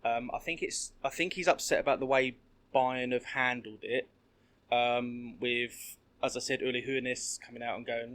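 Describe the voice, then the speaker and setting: Hesitant mid-pitched man. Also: fairly even intonation, moderate pace, fairly bright tone. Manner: hesitant, many fillers, exasperated. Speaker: podcast guest. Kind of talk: casual football podcast chat.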